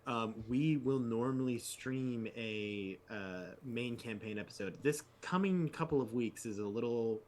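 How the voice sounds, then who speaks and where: Guy hosting a tabletop podcast, gets loud and squeaky when he rants, faint background hum. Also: measured pace, hardly any pauses. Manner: animated ranting storyteller, jumps up in pitch when exasperated. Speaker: podcast co-host. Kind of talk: casual chat.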